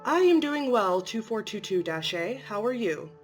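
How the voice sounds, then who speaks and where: A woman voicing a calm, polite female doctor who conducts interviews in a measured tone. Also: medium pitch, soft background music, close to an everyday voice.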